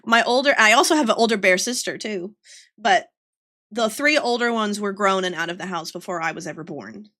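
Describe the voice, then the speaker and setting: Her voice is medium in pitch, a bit quick, pushed and bright. She's a young Georgian with a faint Southern accent, giggling over meandering family anecdotes while drawing on a stream.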